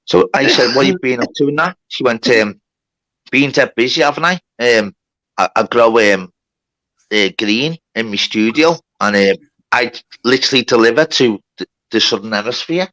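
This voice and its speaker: A livestream host with a medium-pitched voice tells a long, casual story, animated and sharp in tone at a moderate pace. The story is packed with swearing and reported speech.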